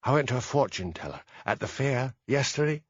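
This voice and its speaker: A man's voice: mid-range voice, expressive, a little fast, slightly rough, dry recording, lo-fi sound. A man voicing an earnest, eager young woman police officer in an audiobook.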